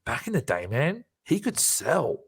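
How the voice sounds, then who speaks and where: A man's voice: fairly high pitch, huge pitch swings, a little slow, creaky, breathy edge. A man co-hosting a podcast, giving a profane, laughing play-by-play recap in casual chat. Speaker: podcast co-host.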